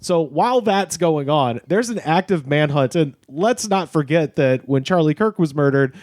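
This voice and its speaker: A man talks in a somewhat high voice, animated and opinionated, swearing freely in casual podcast chat. The sound is dry and close, with no room around it. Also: moderate pace, dry recording. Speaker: podcast panelist.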